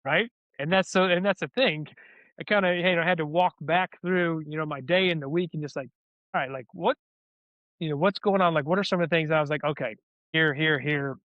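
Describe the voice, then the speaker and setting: A man talks fast and candidly, looping back over his words as he tells a personal story. His voice sits a little high for a man. The audio is dull and lo-fi. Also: no echo. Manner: rambling, repeats words as he restarts. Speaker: guest, former soldier turned wellness advocate.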